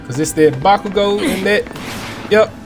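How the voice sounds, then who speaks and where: Excitable trash-talking man over game music. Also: high voice, moderate pace. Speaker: gaming channel host. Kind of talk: live gameplay commentary. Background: loud game music.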